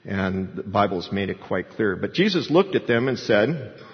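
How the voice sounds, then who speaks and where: A man's voice: on the low side, very animated, normal speed. A man preaching a sermon in an emphatic, conversational storytelling way. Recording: dull sound with long hall reverb.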